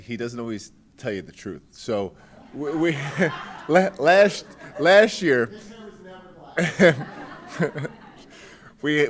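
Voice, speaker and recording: A man, a high school principal, telling a joking, animated story in a welcome speech.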